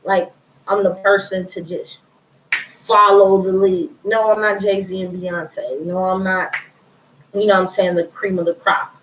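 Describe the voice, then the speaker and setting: A woman's voice: medium pitch, steady tone, a little slow, recorded from a distance, a little hiss or hum. Woman, candid storyteller with blunt, slangy delivery, mid-height voice, recorded roomy with a dull lo-fi sound. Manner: blunt, repeats herself, slangy.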